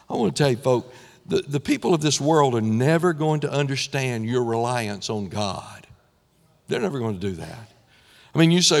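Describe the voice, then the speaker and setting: Impassioned male preacher, high-pitched, reverberant hall. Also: vocal fry. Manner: impassioned, rising and falling emphasis. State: losing his voice. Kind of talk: sermon. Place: church sanctuary.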